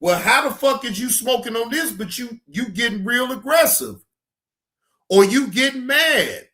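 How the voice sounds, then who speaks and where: A man's voice: extremely high pitch, expressive, a little slow, pushed and bright. A middle-aged man hosting a stream, ranting casually in a drawling, profane, emphatic way. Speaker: streamer host. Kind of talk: casual live-stream rant.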